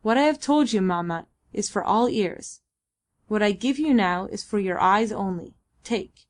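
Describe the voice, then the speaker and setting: A woman's voice: medium pitch, expressive, a little slow, lightly acted. A woman voicing a shrewd old male advisor in an audiobook, speaking sharply and urgently.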